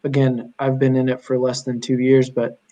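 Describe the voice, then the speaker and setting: A young man, a podcast guest, chatting casually and telling animated stories with lots of fillers. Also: mid-range voice, moderate pace, poor audio. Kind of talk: casual chat.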